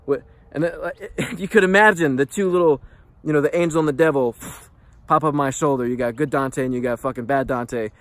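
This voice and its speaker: A man vlogging, telling a candid personal story in a profane, animated, rambling way. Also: on the high side, fairly quick, dry recording.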